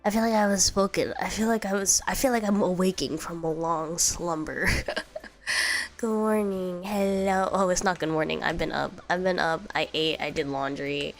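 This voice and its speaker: A woman's voice: fairly low pitch, normal speed, faint music behind. A young woman with a cold streaming casual chat, stuffy and nasal, bubbly and rambling. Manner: bubbly, rambling, switches between English and Japanese. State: congested from a cold.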